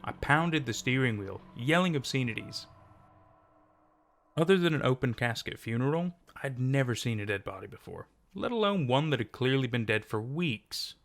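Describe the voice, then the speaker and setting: A man narrating a first-person horror story in a steady, measured reading. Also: mid-range voice, gravelly.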